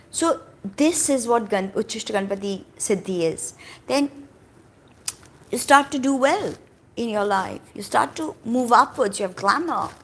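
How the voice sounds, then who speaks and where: Woman, spiritual teacher, casual emphatic delivery with drawn-out words. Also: fairly high pitch, fairly bright tone. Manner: emphatic, conversational, stretches key words for stress.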